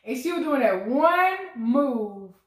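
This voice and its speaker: A woman with a fairly high voice that leaps all over the place as she teases and brags. She laughs often in casual chatter while eating. The sound carries a roomy echo. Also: animated, takes it slowly. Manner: playful trash talk, laughs often. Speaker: mukbang host.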